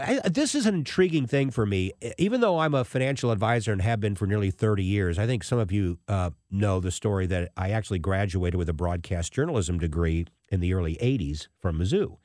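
A man in his sixties hosting a radio talk show, telling a rambling, animated story with many restarts. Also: lowish voice, brisk, dry recording, studio quality. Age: 60s. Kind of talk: casual talk radio monologue.

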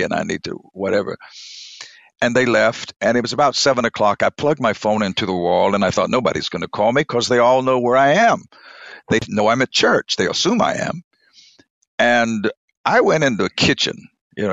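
Bishop guy sharing a testimony, deep fry in his voice, gets real quiet when it hits hard, kinda dull flat recording. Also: dry recording. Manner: emotional storyteller, voice drops low and soft at moving moments. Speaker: church bishop. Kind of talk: personal testimony in conversation. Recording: dull lo-fi dry sound.

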